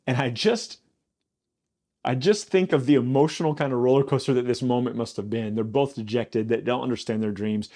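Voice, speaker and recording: Working casually through a Bible passage, this pastor speaks briskly in a mid-range voice. He grows animated, repeats himself when fired up, and climbs into excited disbelief.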